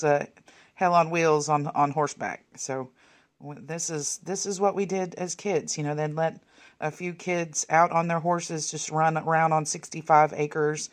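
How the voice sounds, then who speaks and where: A woman, chatting casually while leafing through old photos, rambling and muttering soft asides. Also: sits low. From Texas. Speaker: vlogger. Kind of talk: casual reminiscing over a photo album.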